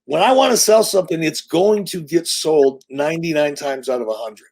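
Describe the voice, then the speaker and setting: In a fairly high voice at a moderate pace, a man in his sixties recounts stories for an interview. His style is loose and animated, punchy and profane.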